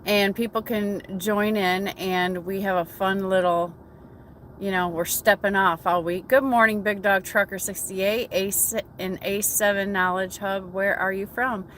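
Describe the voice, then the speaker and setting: An American woman hosting a trucker livestream holds a laid-back morning coffee chat in her truck cab and greets viewers by name. Her medium-pitched voice is fairly bright, with fairly even intonation and a measured pace. Faint hiss or hum is present.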